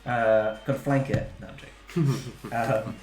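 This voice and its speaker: A man's voice: medium pitch, fairly even intonation, a little slow, darkish tone. A man playing a tabletop game, hesitant, with many ums and restarts while he declares his moves. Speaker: player. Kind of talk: casual tabletop game play. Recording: roomy echo with faint music.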